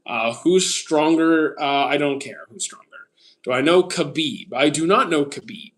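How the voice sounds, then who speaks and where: A Canadian man in his thirties chats casually with his livestream audience in a voice a little high for a man and a bit bright. At a moderate pace he takes viewer questions one by one, giving short, plain answers and often starting with "uh."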